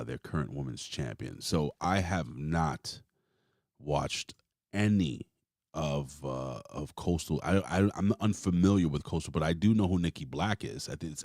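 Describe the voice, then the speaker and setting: A man's voice: a bass voice, darkish tone, no echo, studio quality. A man hosting a casual wrestling review podcast, talking loosely and rambling, with some swearing. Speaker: podcast host.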